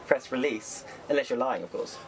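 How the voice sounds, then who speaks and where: A man's voice: mid-range voice, lively intonation, moderate pace, over a noisy crowd. A man hosting a podcast in a festival dressing room, talking in a put-on Australian accent, chatty and jokey with lots of fillers. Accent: mock Australian. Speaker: podcast host. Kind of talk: casual interview chat. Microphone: handheld camera.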